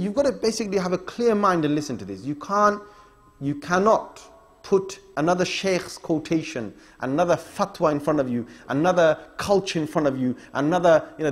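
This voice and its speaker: A man giving a religious lecture to an audience, talking directly and casually, often checking in with tag questions. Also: a little high. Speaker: Islamic scholar lecturing.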